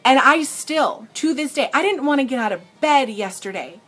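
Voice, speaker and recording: A young adult woman, selling makeup live, chats emotionally and earnestly with viewers, often breaking off to restart her sentences. Her high-pitched, slightly bright voice is animated and moves at a normal speed, picked up by a tablet microphone.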